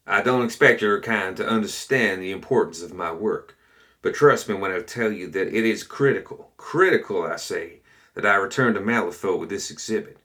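A man putting on a pompous, cowardly gentleman explorer. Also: moderate pace. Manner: haughty, turning shrill and pleading.

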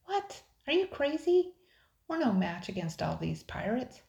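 A jittery young boy whose voice jumps up high when he protests, the cautious older brother in a children's adventure story, voiced by an older woman. A faint gravel runs beneath. The recording carries an echoey room. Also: normal speed, darkish tone. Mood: panicked. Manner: nervous, protesting.

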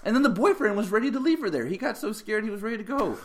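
A man co-hosting a casual movie review chat, rambling and opinionated, who now and then mocks characters in squeaky put-on voices. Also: very animated, racing, a bit bright. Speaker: podcast co-host.

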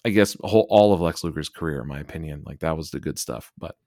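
A man's voice: extremely low pitch, quick pace, dark tone, dry recording, studio quality. A man co-hosting a casual wrestling podcast, recapping with wry, sarcastic asides. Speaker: podcast co-host. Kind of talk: casual wrestling review chat.

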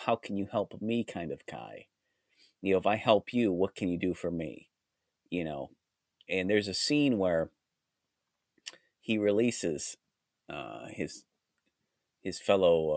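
A man hosting a solo podcast with a groggy, hoarse voice from a cold, talking in a rambling, reflective way. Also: on the low side, a little mellow, no room sound, clean studio sound. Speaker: podcast host. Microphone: studio mic.

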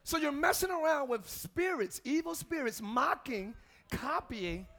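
A man preaching a sermon as pastor, calling out to the congregation and dropping into quiet joking asides. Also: very high-pitched, expressive, measured pace. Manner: preaching with shouts and call-and-response; drops to quiet asides and laughs. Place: church.

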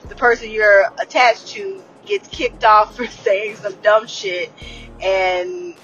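A woman's voice: mid-range voice, slow, a bit bright, muffled recording, faint music behind. A woman in her late thirties recapping a TV episode in a casual, candid way, swearing freely, laughing often and restarting her sentences. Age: late 30s. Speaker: TV episode reviewer.

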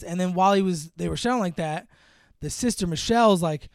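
Young male co-host, high smooth voice, dry close sound, rambling movie recap full of "like". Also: normal speed, no room sound. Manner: rambling, filler-heavy storytelling, acts out lines in higher voices. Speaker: podcast co-host. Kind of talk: casual movie recap chat. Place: home room.

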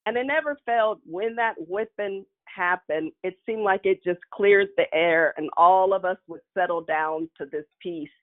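A woman's voice: on the low side, moderate pace, few pauses. A woman telling a personal childhood story with frequent chuckles, in a nostalgic way. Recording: tinny phone-like line.

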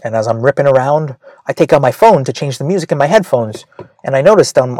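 A man's voice: mid-range voice, lively intonation, fairly quick, a little mellow, dry recording. A male comedian telling a rambling, self-mocking story, with frequent "right?" asides.

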